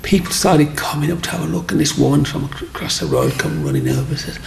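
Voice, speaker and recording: A middle-aged man, telling his life story in an interview in a chatty, animated way. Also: on the high side, quick pace, creaky, slight background noise. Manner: chatty, animated, acts out voices in anecdotes. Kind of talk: personal storytelling.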